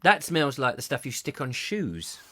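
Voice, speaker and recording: Playful male host, bouncy and animated, rambling comic banter. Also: medium pitch, moderate pace. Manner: jokey, playful, rambling asides. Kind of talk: comic live chat show.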